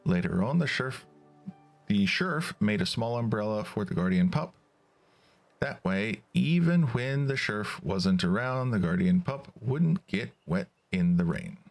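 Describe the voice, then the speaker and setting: Man voicing a talkative sidekick, lively up-and-down tone, slow measured reading, faint music behind. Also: fairly low pitch, gravelly, full character voice. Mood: explaining. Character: chatty companion who translates for the puppy.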